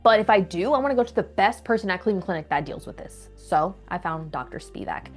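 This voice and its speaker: A young woman telling a personal story to camera in a candid, animated way, acting out what people said. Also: mid-range voice, fast, soft background music. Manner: candid, animated retelling with acted quotes. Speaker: vlogger.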